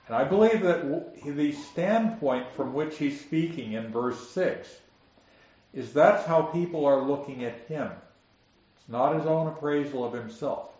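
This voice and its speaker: A man's voice: fairly high pitch, animated, a little slow, darkish tone. A man teaching a Bible study, reading scripture aloud, explaining it and asking his listeners questions. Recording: very echoey muffled room recording.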